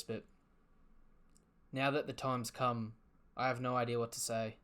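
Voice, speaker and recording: A man hosting a live manga reaction, emotional and sighing, with sudden loud outbursts. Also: medium pitch, flat delivery, measured pace. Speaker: youtube reaction host.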